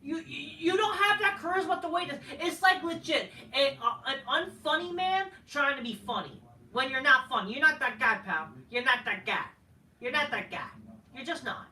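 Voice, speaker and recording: A man's voice: extremely high pitch, lively intonation, normal speed, bright, forceful tone. A man reviewing a wrestling show in a heated, mocking, profanity-filled rant. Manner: heated, swears constantly, mocking. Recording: roomy and distant from the mic.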